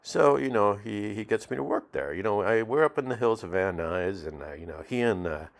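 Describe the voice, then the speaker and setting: A streetwise, cigar-smoking man, played by a male actor, grumbles through a mock documentary interview in loose slang full of fillers. His voice is low and gravelly. His pitch jumps up and down a lot as he talks. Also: animated, fairly quick. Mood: grumbling.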